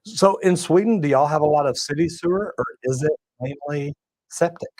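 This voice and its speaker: A man's voice: fairly high pitch, normal speed, darkish tone, dry recording, poor audio. Folksy man hosting a livestream. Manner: folksy, drawling, says y'all and man. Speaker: plumbing channel host reading live chat. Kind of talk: casual livestream chat.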